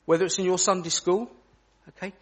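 A man's voice: high-pitched, a little fast. A man leading an interactive children's talk in church, asking the children questions as he goes. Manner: animated, asks children questions.

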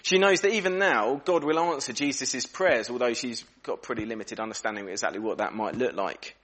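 A man preaching a sermon in a church, earnest and reflective, slowing down and dropping his voice for emphasis. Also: mid-range voice, a bit bright. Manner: earnest, reflective, varies pace and volume for emphasis.

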